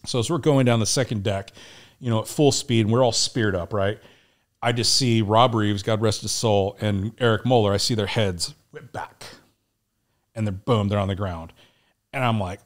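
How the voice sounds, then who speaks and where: A middle-aged American Navy SEAL veteran, appearing as a guest, tells combat stories casually in a lowish voice at a moderate pace. He's animated and profane and keeps breaking into laughter.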